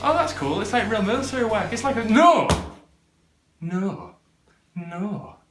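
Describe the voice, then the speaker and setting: A naive, excitable gamer, voiced by a man in a put-on high voice. The pitch leaps around eagerly. Music plays behind it, with noticeable echo. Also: a little slow.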